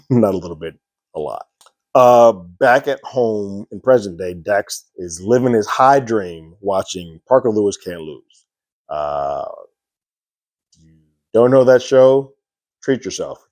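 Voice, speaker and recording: A man's voice: fairly low pitch, a little mellow, dry recording. A man reviewing a TV episode in a casual, rambling recap full of "sort of" and "like". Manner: rambling, many "sort of" and "like" fillers.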